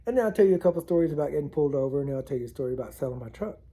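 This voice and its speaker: A man's voice: a little high, expressive, very fast, mellow, husky. A man rambling through funny stories to camera in a casual vlog, laughing at himself. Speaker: storytelling vlogger. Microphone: camera mic on a tilting setup.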